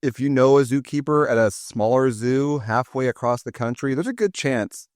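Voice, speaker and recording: A man's voice: medium pitch, moderate pace, no room sound, studio quality. A man in his forties hosting a podcast, telling stories in a chatty, jokey, self-deprecating way. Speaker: podcast host. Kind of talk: casual storytelling chat.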